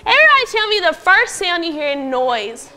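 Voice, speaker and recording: Woman teacher in a classroom, sounding out words slow and patient, high voice. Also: big pitch swings, over music. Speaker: elementary school teacher. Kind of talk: classroom phonics lesson. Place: classroom with young pupils.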